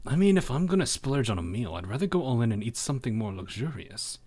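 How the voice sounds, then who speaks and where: A man's voice: medium pitch, very animated, fast, darkish tone, pitched below the performer's own voice. A man putting on a nasal, nerdy, stingy girl. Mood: grumbling. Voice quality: nasal, pinched. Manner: whiny complaining about prices. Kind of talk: voicing game dialogue while playing.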